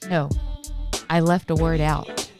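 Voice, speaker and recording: A woman's voice: sits low, slow pace, over music. A woman co-hosting a faith podcast, chatting casually and telling jokes with frequent laughter. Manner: laughs often, animated joke telling. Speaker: podcast co-host.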